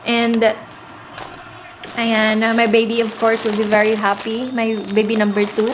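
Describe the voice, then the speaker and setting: A woman's voice: fairly high pitch, monotone, normal speed, background noise. A young Filipino woman with a Filipino accent, chatting casually to her viewers in a home vlog, emotional and teary, and pregnant. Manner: chatty, addresses viewers as "mga inday". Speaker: vlogger. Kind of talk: casual vlog chat in Taglish. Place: home indoors in the Netherlands.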